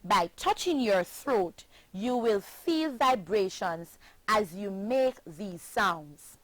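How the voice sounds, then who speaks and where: Very slow Jamaican woman teaching phonics. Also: mid-range voice, animated, a bit bright, dry recording, poor audio. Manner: deliberate, spells words letter by letter. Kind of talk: slow scripted phonics lesson.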